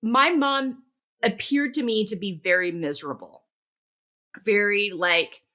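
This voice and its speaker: A woman hosting a podcast, talking conversationally and stressing key words with animated rises. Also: mid-range voice, a little slow. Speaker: podcast host.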